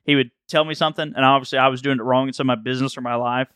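Young man, casual podcast co-host, rambling stories, laughs often, smooth clear voice, dry close sound. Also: mid-range voice, steady tone, racing, fairly bright tone, dry recording. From Alabama, US. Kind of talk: casual chat.

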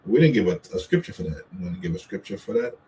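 A man's voice: deep voice, sing-song, rapid-fire, dark tone, slight background noise, low-quality recording. A man talking casually with his wife about marriage, earnest and teasing, acting out what each of them says. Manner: earnest, plays the quotes of both spouses in a raised voice; playful teasing. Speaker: co-host, husband.

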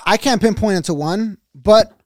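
A man's voice: high-pitched, normal speed, no room sound, clean studio sound. A young man co-hosting a podcast, telling rambling stories in casual chat. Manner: rambling storyteller, animated retellings. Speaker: podcast co-host.

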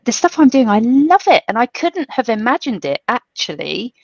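A woman's voice: a little high, big pitch swings, moderate pace, vocal fry, dry recording, muffled recording. A woman guest in a podcast interview, telling a reflective story and quoting what others said to her. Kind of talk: casual interview chat.

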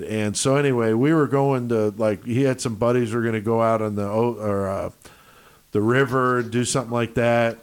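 A man from Connecticut chatting on a podcast, spinning a long story and cursing freely. He acts out his own reactions in quoted lines. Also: lowish voice. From Connecticut, USA. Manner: profane storyteller, animated when quoting himself. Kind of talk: casual chat.

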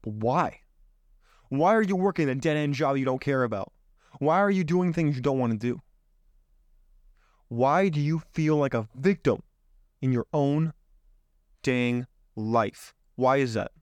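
Male podcast host, motivational monologue, emphatic, rhetorical questions, mid-pitched voice, dry close sound. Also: animated, unhurried, long pauses, no room sound. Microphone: own microphone on camera.

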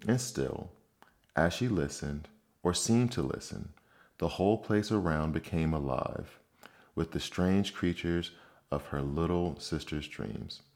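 A man narrating a storybook in a calm, measured way. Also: low voice. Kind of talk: storybook reading.

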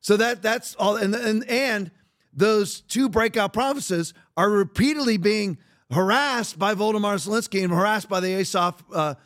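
A man's voice: sits high, moderate pace, fairly bright tone. A man hosting a podcast, giving blunt, emphatic political commentary in a rambling way with frequent restarts. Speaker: podcast host.

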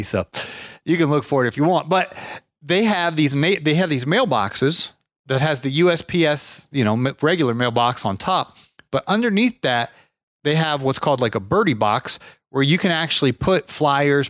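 A man's voice: mid-range voice, fairly bright tone, no room sound, clean studio sound. A man from Ohio hosting a show, telling a casual story full of restarts and fillers. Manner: rambling, many restarts and fillers. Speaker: podcast host, lawn care business owner.

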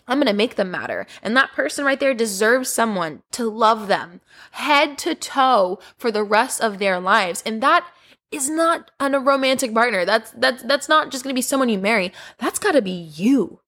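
A woman's voice: on the high side, lively intonation, normal speed, fairly bright tone. A young woman hosting a solo motivational podcast, giving an affectionate, emotional pep talk and calling her listeners baby. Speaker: podcast host.

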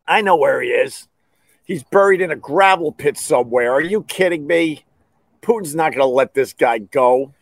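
A man's voice: medium pitch, dry recording. American guy hosting a podcast, rambly and sarcastic, medium voice, dry sound. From United States. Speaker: podcast host. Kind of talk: casual chat.

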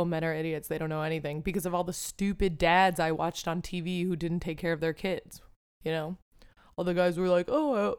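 A young woman talks through a casual solo podcast in a lowish, smooth voice. She rambles candidly, pokes fun at herself and swears freely. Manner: candid, rambling and self-deprecating, with frequent swearing. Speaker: podcast host.

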